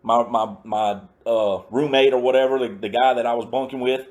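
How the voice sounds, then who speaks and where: A man's voice: medium pitch, fairly even intonation, normal speed, a little mellow. A man giving a personal recovery testimony in a casual, slangy, emphatic storytelling way. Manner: emphatic and repetitive.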